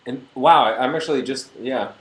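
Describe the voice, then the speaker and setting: A young man chatting casually on a livestream, answering fan questions in a halting, joking way. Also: mid-range voice, roomy sound, poor audio.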